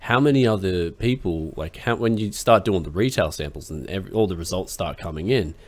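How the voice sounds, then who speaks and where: A man's voice: deep voice, brisk. A young Australian man hosting a casual tech chat, laid-back and rambling with lots of fillers, recovering from the flu. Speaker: tech channel host.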